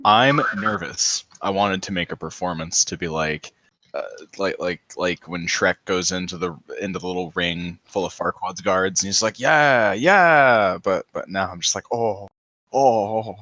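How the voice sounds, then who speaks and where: A man's voice: low voice, steady tone, moderate pace, pushed and bright, dry recording. A man playing in an online tabletop game, chatting casually and joking, often laughing. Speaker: player. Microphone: voice call.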